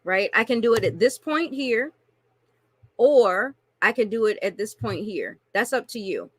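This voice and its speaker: A woman's voice: fairly high pitch, big pitch swings, measured pace, breathy edge, dry recording. A woman coaching online marketers through a screen-share tutorial, chatty and casual, often checking in with "right?" and "okay?".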